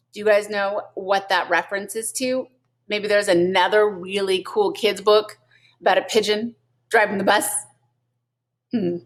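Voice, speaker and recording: A woman teacher reading a children's picture book aloud, expressive and playful, with asides to young listeners. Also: mid-range voice.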